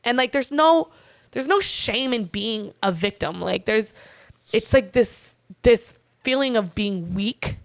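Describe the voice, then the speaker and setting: A young woman recounts her own experience bluntly, swearing freely and acting out both sides of the exchange. Her voice carries a gravelly, creaky edge. The sound is dry and close, with no room echo. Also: a little high, slow pace. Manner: blunt, profane, quotes herself and others. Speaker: guest. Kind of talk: candid personal storytelling.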